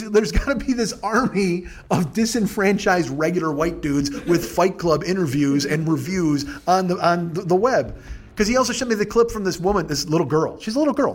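A man hosting a podcast in casual chat, ranting with profanity and self-deprecation, his loud emphatic bursts dropping to mumbles. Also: sits high. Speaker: podcast host.

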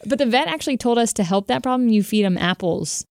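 A woman's voice: fairly high pitch, animated, fast talker, gravelly, darkish tone, no echo, clean studio sound. A woman co-hosting a podcast in chatty, giggly casual talk. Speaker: podcast co-host. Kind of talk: casual chat. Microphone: studio podcast mic.

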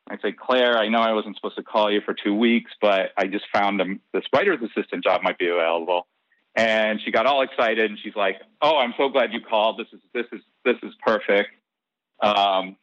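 A man's voice: fairly low pitch, dry recording. A man, a soap opera head writer, telling stories in a casual interview and acting out the dialogue. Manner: lively, acts out dialogue in his stories. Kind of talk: casual anecdotal storytelling. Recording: dull, dry lo-fi podcast audio.

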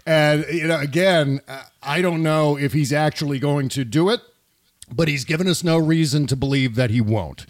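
Male podcast host, animated political chat, bright-ish pitch, dry studio sound. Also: dry recording. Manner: animated, laughs often, rapid asides. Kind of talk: political talk show chat.

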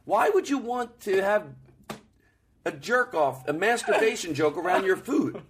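A man's voice: sits high, animated, a little slow, breathy edge. A man co-hosting a podcast, telling rambling, profane comedic stories in casual chat from a hotel room. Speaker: podcast co-host.

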